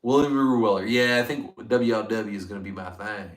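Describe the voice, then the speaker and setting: A man hosting a casual whiskey livestream, chatting loosely and getting excited as he reads out and thanks viewer comments. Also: fairly low pitch, a little fast. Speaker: livestream host reviewing whiskey. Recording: echoey room.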